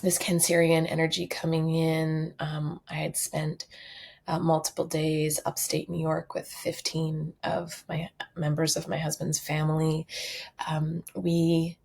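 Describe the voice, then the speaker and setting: A woman's voice: low voice, monotone, a little slow, gravelly, a little mellow, breathy edge. A young woman from Canada hosting a solo podcast, talking candidly and reflectively with frequent fillers. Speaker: podcast host.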